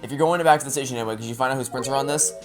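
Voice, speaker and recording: A man's voice: mid-range voice, racing, faint music behind. A man playing through a video game and reading its dialogue aloud with playful, joking asides. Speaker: let's play gamer.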